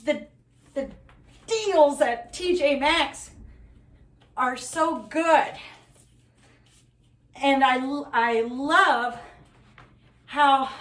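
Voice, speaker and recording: A woman with a high voice tells corny one-liners on a live comedy stage, tossing apologies between jokes as she hula hoops. She speaks slowly and stands well back from the mic in an echoey room. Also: a bit bright, far from the mic, slight background noise. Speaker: stand-up comic. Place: live comedy telethon venue.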